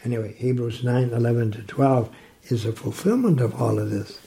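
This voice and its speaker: A man explaining a Bible passage in conversation, reading verses slowly and reflecting on them. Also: medium pitch, vocal fry, warm tone, rough recording. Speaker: Bible teacher. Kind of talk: scripture commentary in conversation.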